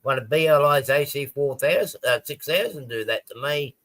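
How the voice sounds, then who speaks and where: A man's voice: fairly high pitch, expressive, normal speed, fairly bright tone. A man chatting casually on a live stream about his model railway, rambling with many ums and restarts.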